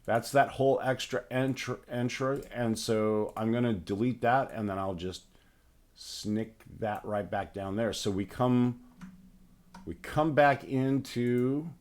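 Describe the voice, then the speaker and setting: A man hosting a casual livestream music tutorial, his voice hoarse from phlegm, thinking aloud and narrating each step of his work with small restarts. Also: mid-range voice, slow, darkish tone. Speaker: livestream host.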